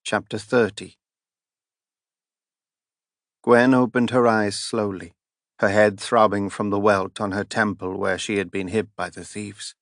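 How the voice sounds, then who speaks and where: A man narrating a fantasy audiobook in an even, measured reading. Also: on the low side, no room sound, clean studio sound.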